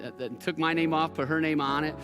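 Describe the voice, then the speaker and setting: A middle-aged male pastor tells a story from the pulpit, acting out the people in it with lively, animated energy. His voice sits a little higher than most men's. Faint instrumental music plays softly behind him. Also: fairly quick, big-room sound. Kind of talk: sermon with personal story. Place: church stage.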